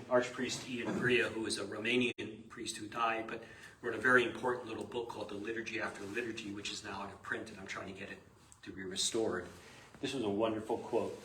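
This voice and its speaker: Priest guy teaching a church class, chatty and laughing a lot, echoey room, faint hum behind. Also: fairly low pitch. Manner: chatty, laughs often, tells anecdotes. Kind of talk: casual classroom teaching with stories. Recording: echoey room, live stream.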